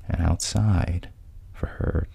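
A man's voice: low-pitched, steady tone, takes it slowly, creaky, mellow, husky. A man casually retelling a film's plot, quoting the characters in his own voice and often sinking to a whisper. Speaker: storyteller retelling a film plot.

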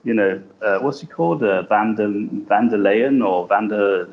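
A man's voice: lowish voice, moderate pace. A man chatting on a podcast in a rambling, hesitant way with many fillers. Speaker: podcast co-host. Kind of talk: casual podcast chat. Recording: dull lo-fi remote line with faint hiss.

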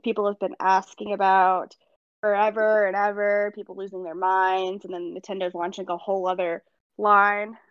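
A woman's voice: medium pitch, flat delivery, moderate pace, smooth, no room sound. A woman co-hosting a casual podcast chat who talks bluntly and swears easily. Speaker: podcast co-host. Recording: dry, dull lo-fi sound.

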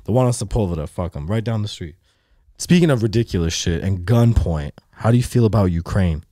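A man in his twenties, a podcast host, telling a profane, animated story in casual chat and acting out the people in it. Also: fairly low pitch, fairly quick.

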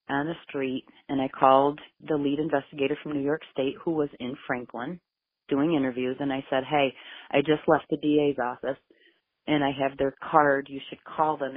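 A woman's voice: very deep voice, steady tone, moderate pace, husky, dry recording. A mother recounting her search for her missing son in an interview, intense and emotional as she quotes what everyone said. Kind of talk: telling her story in an interview. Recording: phone-like narrow sound.

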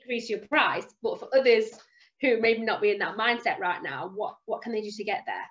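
A woman's voice: medium pitch, animated, a little fast, highs cut off. A woman hosting a podcast, asking questions in a casual, chatty way full of filler words. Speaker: podcast host. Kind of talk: casual interview chat.

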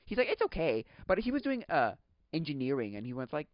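A man's voice: fairly high pitch, wildly swooping pitch, fairly quick, no echo. Young guy from quebec ranting on his podcast, keeps restarting sentences, dull lo-fi sound, dry close mic. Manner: rambling, self-correcting, exasperated rants. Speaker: podcast host. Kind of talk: casual chat.

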